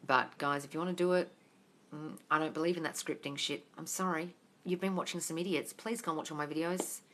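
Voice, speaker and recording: A blunt, foul-mouthed woman who hosts a live question-and-answer stream, reading out comments and firing back quick, no-nonsense answers. Her voice sits fairly low for a woman but has a bright, forceful edge. She is speaking into a phone. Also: fairly even intonation. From Australia. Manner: blunt and sweary, reads out comments and answers them.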